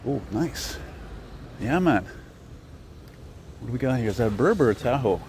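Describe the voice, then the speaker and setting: A man's voice: mid-range voice, normal speed, pauses often, darkish tone, slight background noise. Chatty man on a street walk. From Canada. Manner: chatty, digressive, filler-heavy. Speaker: vlogger. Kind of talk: rambling walking vlog. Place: outdoor city street.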